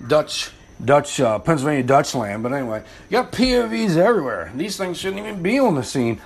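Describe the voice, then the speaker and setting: Blunt, foul-mouthed male fire instructor with an average-pitched voice, rambling through a casual lesson. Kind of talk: informal spoken lesson.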